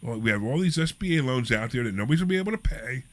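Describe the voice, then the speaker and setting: A man's voice: medium pitch, lively intonation, racing. Emphatic talk radio host man. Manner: rambling, emphatic, repeats himself. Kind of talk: casual talk radio chat.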